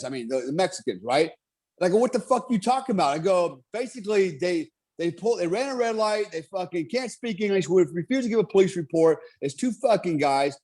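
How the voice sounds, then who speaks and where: A man's voice: high-pitched, darkish tone. A middle-aged man telling stories as a guest in a casual podcast chat, blunt, profane and emphatic.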